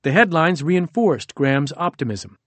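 A man narrating a nonfiction audiobook in a measured, steady reading. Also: fairly high pitch, no echo.

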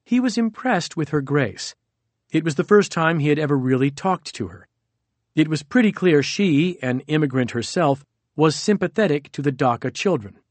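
A man narrating a nonfiction audiobook in a measured, steady reading. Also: a little high, no room sound.

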